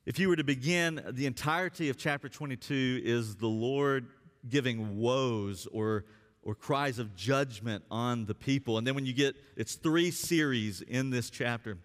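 A man preaching earnestly from a church stage, leaning on slow, drawn-out words to press his points home. His voice sits at a middle pitch, and each phrase rings on through the long reverb of a church hall. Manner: earnest preaching, slows down for emphasis. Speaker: pastor. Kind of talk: sermon. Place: church sanctuary.

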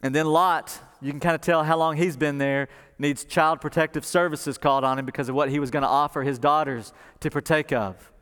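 A man delivering a sermon with animated storytelling and casual asides. His voice sits a bit high and comes through smooth and resonant. A long reverb from a large hall trails each phrase. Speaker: pastor.

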